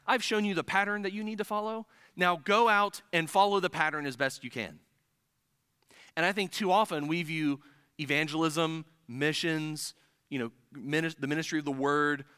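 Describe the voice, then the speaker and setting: Bright-voiced, earnest male preacher. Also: a little high, no room sound, studio quality. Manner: earnest, building to emphatic. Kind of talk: sermon. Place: church.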